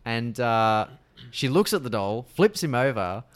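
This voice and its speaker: A man's voice: mid-range voice, big pitch swings, a little slow. A man co-hosting a podcast, casually retelling a horror film scene by scene and swearing freely. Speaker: podcast co-host.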